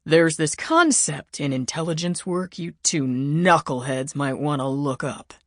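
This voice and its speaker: A woman narrator voicing a surly, gruff middle-aged male spy chief who talks in curt grumbles. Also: low voice, lively intonation, measured pace, fairly bright tone, no echo, clean studio sound.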